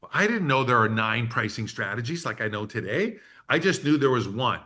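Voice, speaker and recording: A man in his sixties giving a business workshop, telling a story in an animated way and acting out the quotes. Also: mid-range voice, a little fast. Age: 60s. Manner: animated storyteller who acts out quotes and laughs. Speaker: workshop presenter.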